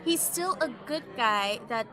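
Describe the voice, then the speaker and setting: A woman's voice: sits high, animated. Teasing woman chatting in a café. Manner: quick, teasing banter. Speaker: podcast co-host. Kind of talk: casual pop-culture chat. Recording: busy café chatter behind.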